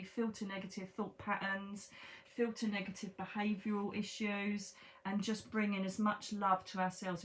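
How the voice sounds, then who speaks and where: A woman's voice: medium pitch, a little hiss or hum. A woman, giving a chatty, reassuring tarot reading and repeating herself for emphasis. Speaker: psychic medium.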